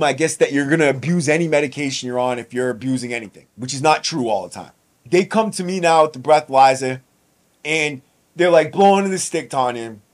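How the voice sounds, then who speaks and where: Profane, animated man telling prison stories. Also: fairly high pitch. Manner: profane, animated storyteller acting out guards' lines. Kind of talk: casual storytelling monologue.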